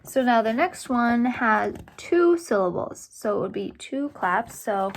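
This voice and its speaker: Slow, expressive woman teacher reading aloud. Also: on the high side, background noise. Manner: slow, deliberate and expressive with careful pauses.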